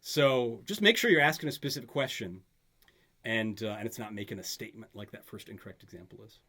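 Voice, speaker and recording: A fast-talking man with a fairly low, bright, forceful voice tutors a student in grammar in a conversational way. Despite the forceful tone, he is patient and repeatedly confirms that she's keeping up.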